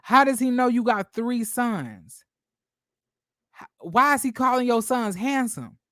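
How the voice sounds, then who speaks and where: A man hosting a celebrity gossip commentary, animated and profane, breaking into stammering restarts. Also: extremely high pitch, a little slow, no echo, studio quality.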